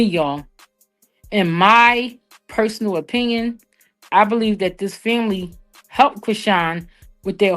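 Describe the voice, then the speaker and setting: A woman hosting a live commentary stream, talking casually and directly to her viewers. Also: mid-range voice. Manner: chatty, addresses viewers directly.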